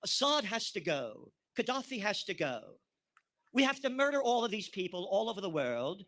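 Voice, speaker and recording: A man's voice: sits high, big pitch swings, moderate pace, fairly bright tone. An older man doing a mocking impression of a smug male politician.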